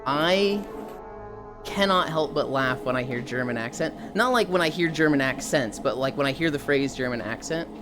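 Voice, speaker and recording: Low, very expressive woman streamer, casual talk with music playing behind. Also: moderate pace. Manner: animated, laughing, acts out quotes. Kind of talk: casual chat. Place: VR chat stream.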